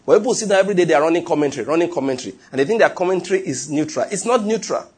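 A man's voice: on the high side, expressive, very fast, a little mellow, breathy edge. A man preaching a sermon, emphatic and repetitive, often asking whether his listeners follow. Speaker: pastor.

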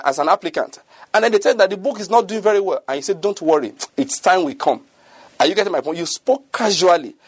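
A middle-aged male preacher with a fairly high, husky voice. He speaks earnestly and keeps checking whether his listeners follow him. The sound is dry and close, with no room echo. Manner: earnest, repetitive, often asks listeners if they follow. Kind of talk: sermon.

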